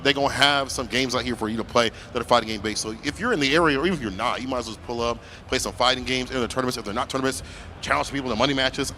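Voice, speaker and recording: Fast-talking man calling a fighting game. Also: mid-range voice, pushed and bright, slight background noise. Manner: casual, slangy, joking. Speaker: esports tournament commentator. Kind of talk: live play-by-play commentary. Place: fighting game convention venue. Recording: music playing behind the voice.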